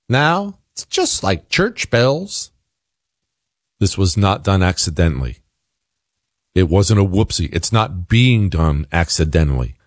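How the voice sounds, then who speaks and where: A man hosting a talk radio show, delivering an opinionated monologue with sarcasm and emphatic jumps in pitch. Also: no room sound, studio quality.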